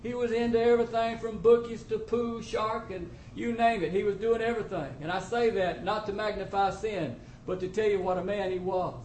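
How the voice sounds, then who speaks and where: A man's voice: sits high, steady tone, brisk, hardly any pauses, darkish tone, a little hiss or hum. A man preaching a testimony sermon to his church, telling the story in a folksy way with plain country grammar. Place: church congregation. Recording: roomy echo with faint ambience.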